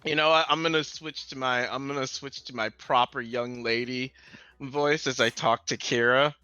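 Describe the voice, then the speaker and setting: A woman playing a tabletop game, talking in an animated way about her character. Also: rumbling low, normal speed, clean tone, dry recording, faint music behind. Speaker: player. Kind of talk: casual tabletop play. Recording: dull lo-fi recording.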